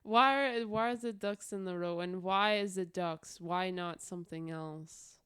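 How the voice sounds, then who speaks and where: A young woman speaks slowly in a smooth, clear voice, laughing easily and turning over puzzled questions. She sits low in pitch for a woman, and the sound is dry and close. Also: fairly bright tone, dry recording. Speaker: podcast co-host. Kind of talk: casual chat.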